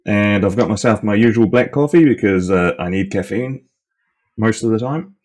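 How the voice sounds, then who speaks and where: A man with a New Zealand accent chatting casually on a hobby podcast, laid-back and halting, laughing easily. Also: lowish voice, a little mellow. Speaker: podcast co-host, presenter of the episode topic.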